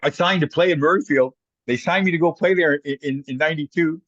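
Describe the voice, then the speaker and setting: Canadian male guest, fast, lively raconteur, dry dull recording. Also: on the high side, no echo. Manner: animated anecdotes, acts out quoted voices. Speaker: guest, former hockey player. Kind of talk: casual storytelling.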